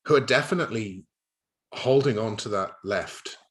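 A man hosting a conversational interview, with a very deep voice. He is wry and thoughtful and steers the talk with leading questions. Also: moderate pace, fairly bright tone. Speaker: interviewer and host.

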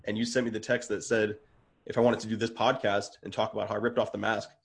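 Guy with a husky kinda breathy voice, earnest, keeps restarting his sentences, casual podcast guest chat. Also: on the low side, little pitch movement, quick pace. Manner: earnest, stammering restarts, gets worked up. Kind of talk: casual conversation.

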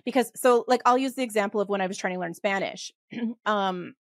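Fast-talking Western Canadian woman, dry sound. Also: mid-range voice, no room sound. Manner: fast, animated, laughs often, many restarts. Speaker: podcast guest. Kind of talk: casual interview talk.

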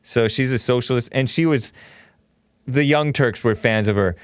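A man's voice: medium pitch, moderate pace, no echo, studio quality. A man hosting a talk show, delivering an opinionated, sarcastic monologue and laughing often at his own remarks.

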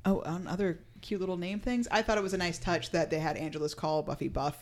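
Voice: mid-range voice, fairly even intonation. Enthusiastic laughing podcast co-host. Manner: enthusiastic, laughing, quick asides. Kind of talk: casual chat.

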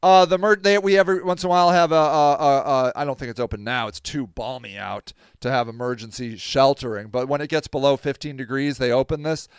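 A man's voice: mid-range voice, brisk, hardly any pauses, smooth, no echo, clean studio sound. A man hosting a podcast, telling stories in a casual monologue, acting out other people's lines and laughing often. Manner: animated, acts out quoted voices, laughs often. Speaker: podcast host.

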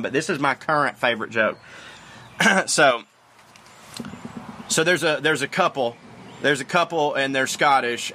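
A man's voice: mid-range voice, pushed and bright, slight background noise. A man, chatting casually and profanely as he answers fan questions on his porch. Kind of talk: casual Q&A monologue. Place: outdoors on a porch.

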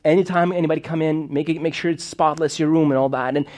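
A man who grew up in Moldova delivers a sermon as a personal story. He talks in a loose, chatty way, stopping and restarting often. His voice sits a little on the high side. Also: steady tone, quick pace, darkish tone. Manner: conversational, rambling with many fillers and restarts. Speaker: preacher.

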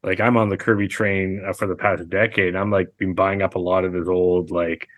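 Low-voiced guy in his 40s, easygoing and rambly, dry studio sound. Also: flat delivery, fairly quick, dry recording. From Canada. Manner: easygoing, rambling, frequent fillers. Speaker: guest comic artist. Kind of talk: casual podcast chat.

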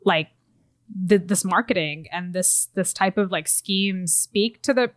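A woman co-hosting a podcast in casual chat, animated and profane, often laughing. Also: lowish voice, measured pace, no room sound, clean studio sound. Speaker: podcast co-host.

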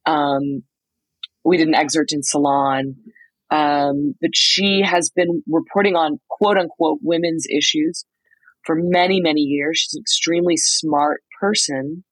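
A woman with a low, husky voice tells a story in casual podcast chat. She fills it with "like"s and acts out what people said. The sound is close and dry. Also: a little slow, no echo, poor audio. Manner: animated storyteller, many "like"s, acts out quotes. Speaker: podcast co-host reporting from a trial. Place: motel room.

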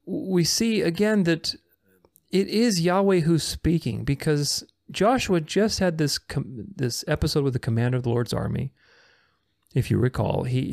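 Gravelly man teaching scripture emphatically. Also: medium pitch, a little mellow, no room sound, clean studio sound. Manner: emphatic, repeats words for stress, reads verses aloud. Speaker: bible teacher.

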